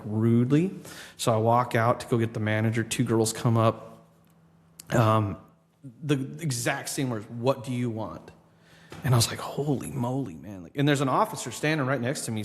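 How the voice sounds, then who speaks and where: A man, a podcast guest, telling a long story in a casual interview and acting out what others said to him. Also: mid-range voice. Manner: animated storyteller, quotes people in his own voice. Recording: long reverb with faint background noise.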